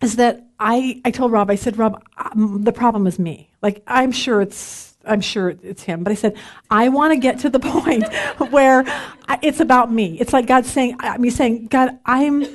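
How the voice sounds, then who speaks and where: A woman's voice: fairly high pitch, normal speed. A middle-aged woman teaching a women's Bible study in a chatty, self-deprecating way, laughing often.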